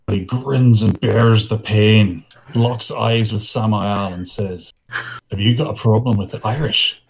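A man narrating his character's action in a tabletop game with measured storytelling. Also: medium pitch, darkish tone, rough recording. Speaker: player.

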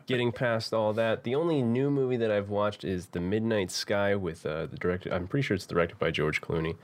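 A man's voice: fairly low pitch, brisk. A man co-hosting a movie podcast in casual chat, laid-back and rambling with many fillers. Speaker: podcast co-host.

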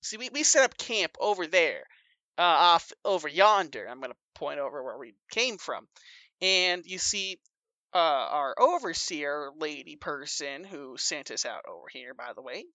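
A woman's voice: deep voice, sing-song, normal speed, sharp tone, no room sound, exaggerated voice. A woman voicing a dim, folksy older male wasteland wanderer who rambles on with a wheedling salesman's patter during a tabletop role-play. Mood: rambling.

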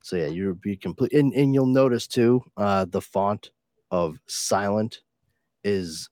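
Low-voiced man chatting about comics. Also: measured pace, a little mellow, no room sound, clean studio sound. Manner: casual, swears, reads comic lines in put-on voices. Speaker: podcast co-host. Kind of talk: casual chat about comics.

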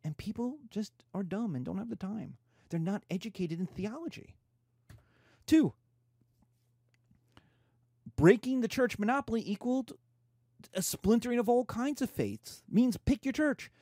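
A man's voice: high voice, animated, measured pace, long pauses, dark tone, no room sound, clean studio sound. A man giving a casual, irreverent history lecture, acting out quotes in slangy voices.

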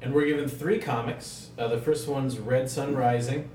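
A man hosting a casual comics podcast, steering the talk in a measured, orderly way from a room in a house. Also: medium pitch, steady tone, darkish tone. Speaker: podcast host. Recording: roomy, distant mic, faint hiss.

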